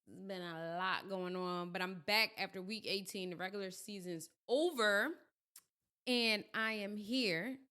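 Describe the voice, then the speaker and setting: Slow-talking woman with a crackly voice. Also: mid-range voice, sharp tone, clean tone. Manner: chatty and self-deprecating, with loose asides. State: crackly, hoarse voice from being sick. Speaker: podcast host. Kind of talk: casual podcast chat.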